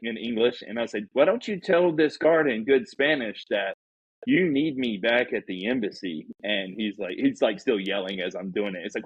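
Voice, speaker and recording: A man telling a story casually as a podcast guest, animated and acting out the people he quotes. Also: mid-range voice, brisk, husky, dry recording, muffled recording.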